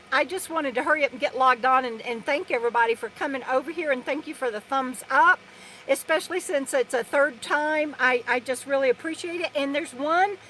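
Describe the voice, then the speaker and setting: A woman's voice: high-pitched, slight background noise, rough recording. A woman from Texas, chatting casually on a live stream from inside her RV and rambling through viewer comments. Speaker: vlogger hosting a live stream. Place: inside her RV in a parking lot. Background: loud trucks passing.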